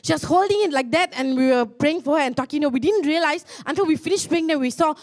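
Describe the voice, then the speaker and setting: A high-pitched young woman preaches a sermon. She tells her story earnestly, often restarting her sentences, and her voice climbs as she gets excited. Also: fast. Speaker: pastor. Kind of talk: sermon testimony.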